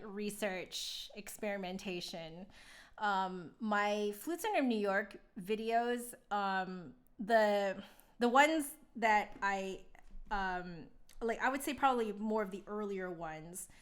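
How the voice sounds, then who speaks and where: Slow, chatty woman live-streamer. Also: mid-range voice. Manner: explanatory, many fillers. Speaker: flutist hosting a live stream. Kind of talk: casual chat. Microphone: close mic, gain changed during talk.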